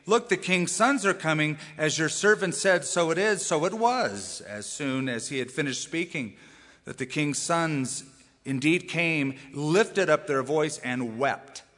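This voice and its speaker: A man preaching to his church, his voice bright and forceful with a slightly higher pitch than most men. He talks with animation and slips into the voices of the people in his stories. A long reverb trails behind him in the large sanctuary. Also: measured pace. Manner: animated, acts out quoted voices. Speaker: pastor. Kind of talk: sermon.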